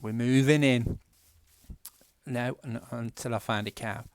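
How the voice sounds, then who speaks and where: A man's voice: medium pitch, steady tone, a little slow, no echo. A man with a Manchester accent chatting casually while playing a game at home, rambling, self-mocking and laughing often. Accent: Mancunian English. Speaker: gaming vlogger. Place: indoors at home.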